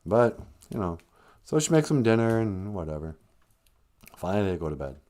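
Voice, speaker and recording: Animated man telling a joking folktale. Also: deep voice, brisk. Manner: joking, loose and conversational. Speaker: podcast host and storyteller. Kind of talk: casual humorous folktale retelling. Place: home live stream.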